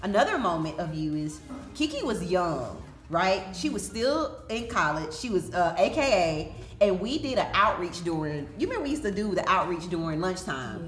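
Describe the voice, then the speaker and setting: A woman's voice: on the low side, roomy sound. A woman who leads a ministry, hosting a casual group conversation and telling stories with lots of laughter. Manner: animated, laughing storyteller. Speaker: ministry leader hosting a reunion.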